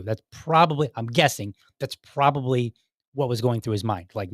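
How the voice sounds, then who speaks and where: An American man in his forties talks through relationship advice on his own podcast, loose and rambling, often doubling back on himself. His voice sits at an ordinary middle pitch. The recording is close and dry, with no room sound. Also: a little fast, a bit bright, no room sound. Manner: conversational and rambling, with frequent restarts. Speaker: podcast host. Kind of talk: casual advice monologue.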